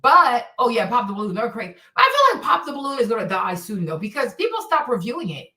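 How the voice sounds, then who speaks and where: A woman's voice: on the high side, big pitch swings, fast talker, sharp tone, far from the mic. A woman streaming casual commentary, chatty and exasperated, full of slang. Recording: echoey room, off the mic.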